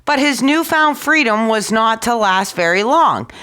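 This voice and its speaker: A woman with a fairly high voice reading a fairy tale aloud as a storyteller. Her reading is expressive and animated, with pitch that rises and falls as the story moves along. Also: unhurried, clear, resonant tone.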